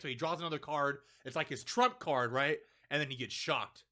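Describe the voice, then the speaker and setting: Male host, casual manga review, excitable, bright sharp tone, slightly high voice. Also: a little fast, few pauses. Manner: excitable, keeps asking "right?" and saying "man". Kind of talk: casual solo chapter review.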